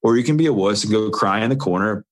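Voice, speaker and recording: Low-voiced man telling his story earnestly. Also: fast talker. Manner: earnest, speaks in runs of short phrases. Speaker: interview guest. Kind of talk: candid personal storytelling.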